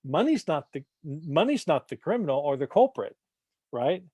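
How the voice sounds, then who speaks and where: A man's voice: on the high side, big pitch swings, normal speed, mellow, breathy edge, no room sound. Man teaching an adult church class, upbeat. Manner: conversational, repeats words, keeps asking "right?"; tells jokes, punchy emphasis.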